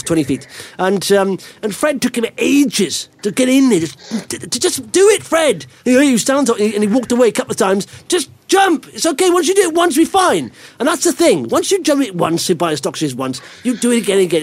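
Middle-aged male podcast host, excitable rambler, high animated delivery. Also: a little hiss or hum. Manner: excitable, rambling, quick-fire. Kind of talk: casual investing podcast chat.

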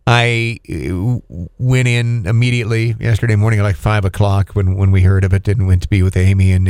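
Middle-aged guy on a podcast, lowish voice, stumbles and restarts a lot, dry sound. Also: a little mellow, no echo. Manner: halting, emotional, many restarts. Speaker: podcast co-host. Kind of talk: casual chat.

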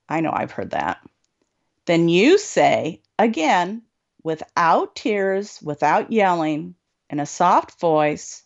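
A woman hosting a support group show, calmly coaching listeners on what to say to people. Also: lowish voice, creaky. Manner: slow, deliberate, coaching. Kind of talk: advice talk to listeners. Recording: dull lo-fi recording.

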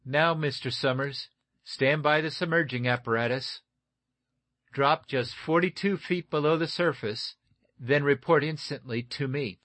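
A man's voice: fairly high pitch, unhurried, fairly bright tone. A man voicing a decisive young male submarine captain who gives commanding orders.

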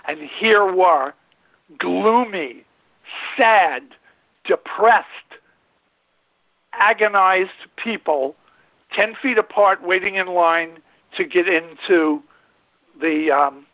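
Very slow and high-pitched, the man in his late seventies pauses at length while hosting his call-in radio program. A vet by trade, he rambles folksily and repeats lines for emphasis over dry, tinny phone audio.

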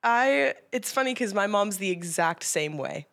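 A woman's voice: mid-range voice, lively intonation, unhurried, vocal fry, a bit bright. A young adult woman co-hosting a podcast in casual chat, earnest and emotional, saying "like" a lot. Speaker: podcast co-host.

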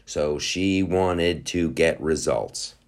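A man giving a casual spoken monologue, animated and profane, who riffs in quick put-on voices. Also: very deep voice.

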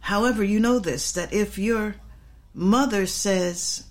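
Woman preacher, middle-aged, sermon teaching, emphatic, repeats phrases, drawn-out stresses. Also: medium pitch.

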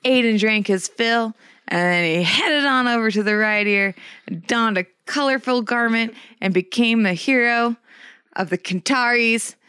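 A woman's voice: on the high side, unhurried, sharp tone, clean tone, dry recording, studio quality. A woman co-hosting a comedy podcast, retelling a fairy tale with wry, profane asides. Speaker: podcast co-host and storyteller.

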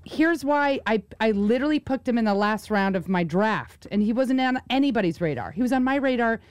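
A woman's voice: on the high side, expressive, fairly quick, smooth, dry recording. A woman co-hosting a casual chat podcast, animatedly rattling off statistics and laughing easily. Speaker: podcast co-host.

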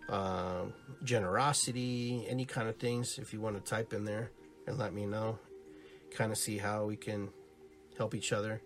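A man hosting a spiritual podcast, talking casually and live to his listeners. He muses and rambles with many restarts and asides, and grows animated when he tells stories. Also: on the low side. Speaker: podcast host on spiritual and holistic topics.

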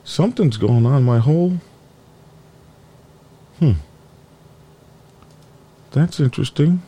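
A man's voice: a little high, animated, slow, mellow, husky. A man hosting a casual biker news live stream, rambling and joking while dealing with his dog and computer trouble. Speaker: biker news show host.

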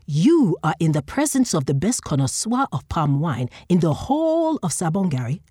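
A woman's voice: fairly low pitch, sing-song, normal speed, dark tone, slightly rough, no room sound, clean studio sound. A woman voicing a pushy market trader with an eager sales patter. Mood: coaxing.

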